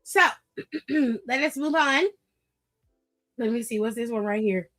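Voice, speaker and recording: A young woman streaming a casual wrestling recap, blunt, profane and animated, chatting with her viewers. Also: fairly high pitch, measured pace, long pauses, soft background music. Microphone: streaming mic.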